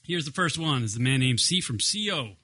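A man's voice: mid-range voice, animated, brisk, pushed and bright. A male radio show host in casual, crude, self-mocking banter, introducing listener calls.

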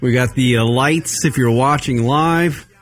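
Man, radio host, from Long Island, casual rambling chat, swears a lot, mid-pitched voice, faint music behind. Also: unhurried. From Long Island, New York. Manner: rambling, profane, many fillers. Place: radio studio.

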